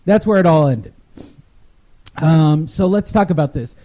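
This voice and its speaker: Guy co-hosting a boxing chat, kinda high voice, wry rambling recap. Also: unhurried, warm tone. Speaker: podcast co-host. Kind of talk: casual sports chat.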